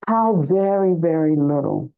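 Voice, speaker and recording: Slow, reflective older woman teaching dharma. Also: lowish voice, smooth. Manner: reflective, searching for words, lively when telling stories. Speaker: Buddhist teacher. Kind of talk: dharma talk. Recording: dull lo-fi recording.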